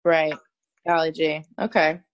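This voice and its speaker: A young woman from North Carolina, a stand-up comedian guest, telling jokey stories in animated chat. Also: sits low, measured pace, highs cut off. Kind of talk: casual chat.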